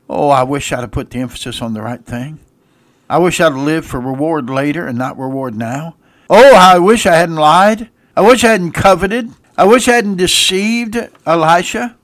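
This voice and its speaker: A man's voice: mid-range voice, no room sound, lightly acted. A man voicing a regretful aging servant who has leprosy, confessing and lamenting his choices in a dramatized sermon scene. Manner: lamenting confession, pleading wishes. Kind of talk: dramatized biblical character voice in a sermon.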